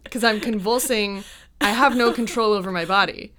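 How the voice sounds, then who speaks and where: A young woman casually telling a personal story, chatty and quick to laugh at her own mishaps. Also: mid-range voice, a bit bright.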